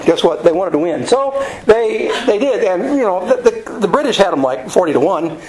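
A man with a fairly high voice leads a casual Bible study. He tells the story in a rambling, folksy way, full of ums and restarts. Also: big pitch swings, normal speed, few pauses, heavy background noise. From United States. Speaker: Bible teacher.

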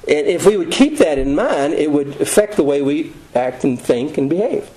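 Male preacher, slightly raised pitch, folksy conversational sermon delivery. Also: sing-song, warm tone, low-quality recording. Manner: conversational, folksy storytelling with quick asides.

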